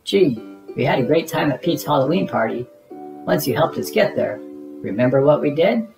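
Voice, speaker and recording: A reader narrating children's picture books aloud in a lively storybook manner. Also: mid-range voice, creaky, over music, low-quality recording. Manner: slow, lively storybook reading.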